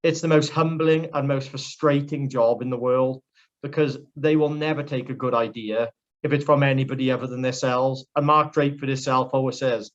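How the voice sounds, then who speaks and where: A man's voice: medium pitch, steady tone, a little fast, highs cut off. A young man from Wales, a politician talking bluntly and at length in a casual interview, prone to little rants. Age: young adult. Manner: outspoken, ranting, blunt.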